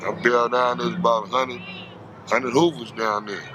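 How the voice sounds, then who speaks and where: A man's voice: medium pitch, fairly even intonation, moderate pace, noisy background. A man from Los Angeles telling stories in an interview, heavy with street slang. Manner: street slang, acts out quoted voices. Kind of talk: storytelling interview.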